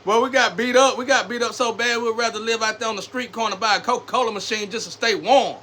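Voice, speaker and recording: A man's voice: extremely high pitch, fairly even intonation, fast talker, sharp tone, a little hiss or hum. A man talking straight to camera in a loose, rambling monologue full of street slang, swinging from preachy scolding to personal storytelling.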